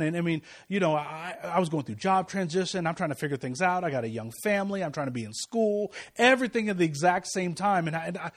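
A Midwestern pastor in his thirties delivers a sermon in a noticeably high voice. He preaches with fervor, pushing hard on declarations and then dropping to near a hush. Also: fast talker, hardly any pauses. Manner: impassioned preaching, swings from loud to hushed. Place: church sanctuary.

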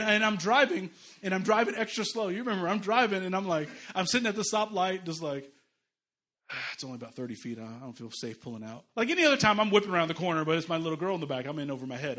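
A man's voice: a little high, a bit bright. A middle-aged pastor preaching a sermon, a man who tells stories animatedly and acts out the voices he quotes.

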